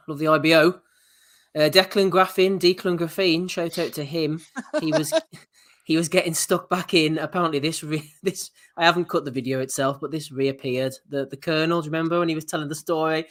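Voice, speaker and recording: A man's voice: a little high, steady tone, brisk, fairly bright tone. A man from Britain co-hosting a podcast, laughing often as he reads out tweets in casual banter. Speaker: podcast co-host. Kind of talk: casual banter about boxing.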